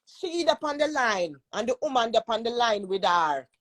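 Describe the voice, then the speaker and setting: A woman joins the stream with a fairly high voice. She scolds in a steady, cutting way while backing up the other speaker. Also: normal speed. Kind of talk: live-stream commentary. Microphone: phone.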